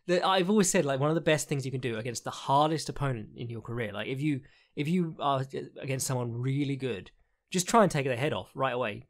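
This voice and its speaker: This fight analyst talks through a loose, rambling solo recap on his podcast, sprinkling in ums and uhs, cursing now and then and laughing at his own remarks. He speaks plainly, and his pitch stays in an ordinary middle range.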